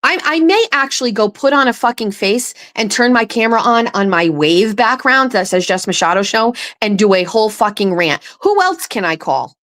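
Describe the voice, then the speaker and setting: A woman host on her own show, ranting with heated, profane anger at a political campaign. Her voice sits a little higher than most women's. She talks from a home setup. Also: animated, moderate pace, few pauses, fairly bright tone.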